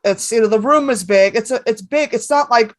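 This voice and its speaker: Animated, foul-mouthed woman comedian. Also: fairly high pitch, fairly quick, dry recording. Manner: animated storyteller, swears freely. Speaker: comedian guest. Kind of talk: casual podcast chat.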